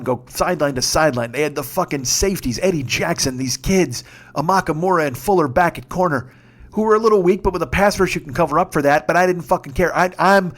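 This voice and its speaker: A man in his fifties telling a story in a casual monologue, profane and excitable, breaking into shouts. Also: fairly high pitch. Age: 50s. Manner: profane, excitable, shouts when reliving moments. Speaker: podcast host.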